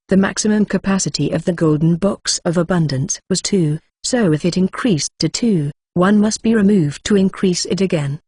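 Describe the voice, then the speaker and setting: A synthetic text-to-speech voice narrating a web-novel audiobook in a flat, even delivery, reading out symbols and abbreviations literally. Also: medium pitch, slightly rough, dry recording, clean studio sound.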